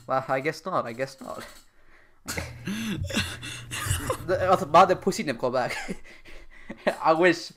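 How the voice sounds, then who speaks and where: A young man co-hosting a podcast, telling a story in a loose, animated way with frequent laughs and voiced-out phone callers. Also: a little high, a little slow, pauses often, slight background noise. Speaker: podcast co-host. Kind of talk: casual chat.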